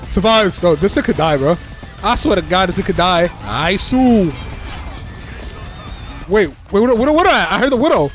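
A young man giving excitable, trash-talking commentary while playing a shooter game, repeating himself as he plays. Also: high-pitched, moderate pace, pauses often, faint music behind. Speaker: gaming streamer. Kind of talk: live gameplay commentary.

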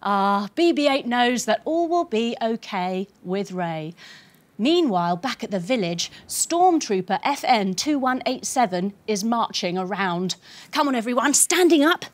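Lively woman, high and very expressive, leading kids' yoga through a story; faint music behind. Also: measured pace. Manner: lively and encouraging, guiding moves step by step. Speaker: children's yoga instructor. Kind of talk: storytelling yoga lesson for kids.

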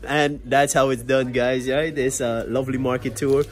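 A man with a Guyanese accent hosting guests at a market cafe, jovial and quick to laugh, in casual chat. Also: mid-range voice, flat delivery. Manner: jovial, laughs often, upbeat tour-guide patter. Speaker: cafe host. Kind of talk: casual chat on a food tour. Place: outdoor market cafe table.

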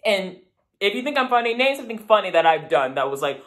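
A young man chatting to camera in a casual vlog, animated and self-deprecating. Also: sits high, a little fast. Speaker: YouTuber.

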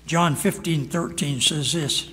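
Man, pastor, sermon, emphatic, high voice, reverberant hall. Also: slow pace, a bit bright. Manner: emphatic preaching, acts out quoted lines. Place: church sanctuary.

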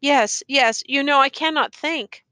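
A woman reading the part of an older farmer who has just lost his son, asking short, halting questions in an audiobook. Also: sits high, sharp tone, no room sound, pitched above the performer's own voice. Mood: shaken, dazed. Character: grieving older white farmer father, man.

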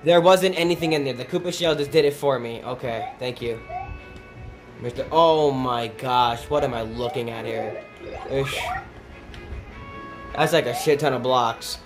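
A young man giving let's play commentary, excitable, joking crudely and yelping at the game. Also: medium pitch, unhurried, pauses often. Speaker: gaming channel host. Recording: game music behind the voice.

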